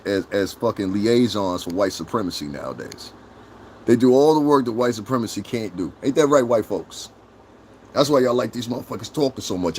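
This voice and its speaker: Middle-aged male streamer, mid-pitched voice, blunt and abrasive, trash-talks his chat with nonstop swearing. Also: a little hiss or hum. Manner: confrontational, mocking, swears constantly. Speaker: livestream host. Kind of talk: profane live-stream rant answering chat.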